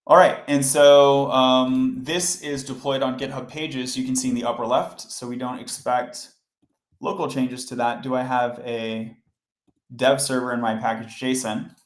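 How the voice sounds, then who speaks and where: Casting note: male livestream coding host, mid-pitched, casual and explanatory, recorded in a roomy space. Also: flat delivery, unhurried. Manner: chatty, explains step by step, talks to chat. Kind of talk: casual live coding tutorial. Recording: roomy echo.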